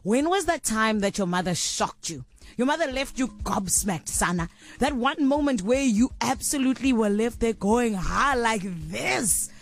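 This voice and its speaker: A woman hosting a radio show, lively and animated as she calls out to listeners. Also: a little high, moderate pace. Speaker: radio host.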